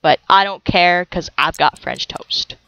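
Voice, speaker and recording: A young woman giving casual, excitable let's-play commentary, swearing at the game and laughing often. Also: lowish voice, unhurried, creaky, dry recording.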